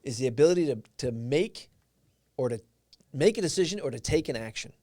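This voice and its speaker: A man's voice: mid-range voice, expressive, brisk, dark tone, dry recording. A man whose first language is Portuguese, hosting a live stream and giving an earnest, reflective motivational talk while answering viewers' comments.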